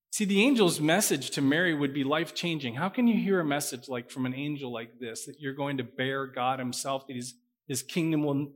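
A man preaching a sermon, swinging between loud emphasis and quiet asides. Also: a little high. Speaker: pastor. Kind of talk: sermon with scripture reading.

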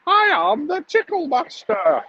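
A man's voice: very high-pitched, huge pitch swings, a little slow, pushed and bright, pitched above the performer's own voice, heavily acted. A squealing, sing-song ghost of an old comedian, all camp showman patter. The sound is dull and lo-fi, with a faint hum of the street behind him. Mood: gleeful, cheeky. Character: cheeky high-pitched ghost of an old male comedian. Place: outdoors, walking along a street.

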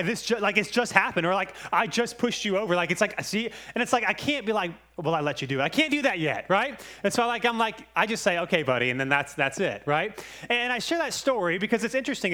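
A man's voice: high-pitched, a bit bright. A man in his thirties, a pastor preaching a Sunday sermon to his church, conversational and self-deprecating. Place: church sanctuary.

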